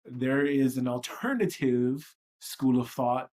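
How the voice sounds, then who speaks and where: A man's voice: medium pitch, slow pace, darkish tone. Blunt, profane man musing on a livestream. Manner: blunt, profane and self-reflective. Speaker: livestream host. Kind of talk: candid livestream monologue.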